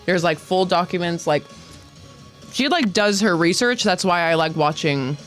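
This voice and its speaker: A man with a noticeably high voice chats on a podcast, rambling through his thoughts with plenty of fillers. Faint music plays quietly underneath. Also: normal speed. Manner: rambling, filler-heavy, animated when retelling. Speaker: podcast co-host. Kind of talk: casual chat.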